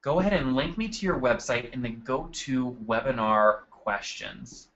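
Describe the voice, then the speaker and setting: A man's voice: mid-range voice, unhurried, fairly bright tone, lo-fi sound. A man hosting a live marketing webinar, talking energetically and calling out attendees by name from his desk. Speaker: webinar host. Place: home desk.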